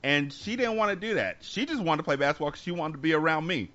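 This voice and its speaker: A man's voice: on the high side, fast talker, a bit bright, dull audio. A man co-hosting a podcast, talking candidly and reflectively, often restarting his sentences. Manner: earnest, reflective, with many restarts. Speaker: podcast co-host. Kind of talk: candid conversational talk.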